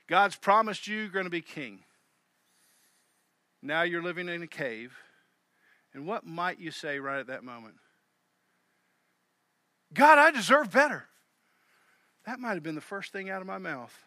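Bright-voiced preaching man. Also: a little high, no echo, studio quality. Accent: Southern US. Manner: animated preaching, swings from loud to hushed. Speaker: pastor. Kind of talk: sermon.

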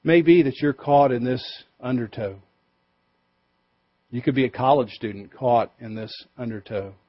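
A male pastor preaching a sermon, emphatic, pushing his voice up for stress and dropping low and quiet to drive points home. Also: normal speed, husky, highs cut off. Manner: emphatic, rises and drops for stress.

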